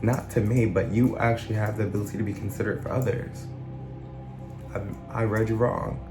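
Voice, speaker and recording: Man, life coach type, low voice, reflective casual commentary, roomy echo with faint music underneath. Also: steady tone, a little fast. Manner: reflective, explains with examples, paraphrases lines in an imagined speaking voice. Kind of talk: casual spoken commentary on song lyrics.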